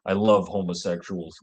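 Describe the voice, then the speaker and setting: A man's voice: sits low, steady tone, a little slow, darkish tone. A man hosting his own show, rambling and joking with heavy swearing. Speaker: show host. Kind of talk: casual rambling monologue.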